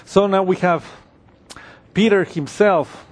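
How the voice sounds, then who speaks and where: A man giving unhurried Bible teaching, pausing often with fillers and restarting sentences as he explains scripture. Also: high-pitched. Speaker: preacher.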